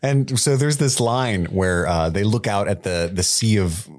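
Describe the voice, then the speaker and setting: A man's voice: lowish voice, a little slow, a little mellow, dry recording, studio quality. A man co-hosting a podcast, chatting casually through an episode recap, laughing often and mimicking characters' lines. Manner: laughs often, acts out lines in mocking voices. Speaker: podcast co-host.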